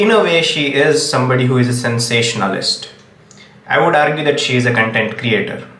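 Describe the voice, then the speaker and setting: A man's voice: medium pitch, fairly bright tone, reverberant. A man with an Indian English accent delivering a solo opinion monologue, emphatic and repeatedly checking "okay?" to press his points. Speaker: commentator.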